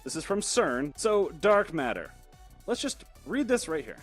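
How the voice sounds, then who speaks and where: A man's voice: fairly high pitch, sing-song, measured pace, faint music behind. A man hosting a video essay, telling a playful, exasperated explainer story. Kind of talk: animated explainer commentary.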